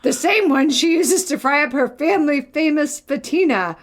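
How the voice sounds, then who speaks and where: A woman's voice: sits high, normal speed. A young adult woman co-hosting a podcast, reading an article aloud and breaking off for jokes and laughs. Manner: reads aloud with joking asides and laughs. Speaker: podcast co-host.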